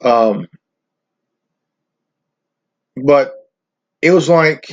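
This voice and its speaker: A man's voice: medium pitch, extremely slow. A man hosting his own channel, ranting profanely in a rambling, stammering way. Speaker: channel host. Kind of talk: ranting vlog. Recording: dull lo-fi recording.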